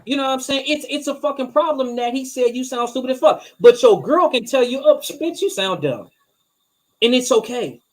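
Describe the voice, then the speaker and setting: A man co-hosting a casual relationship podcast. He is animated and profane, and drops his voice low when he acts out things said to a partner. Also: fairly quick, few pauses, poor audio. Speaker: podcast co-host.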